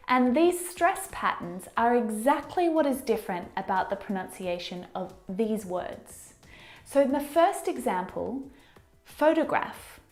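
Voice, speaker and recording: Brief: woman pronunciation teacher, unhurried, models each word, echoey room, soft music behind. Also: medium pitch. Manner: slow, deliberate, models words by repeating them. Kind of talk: English pronunciation lesson.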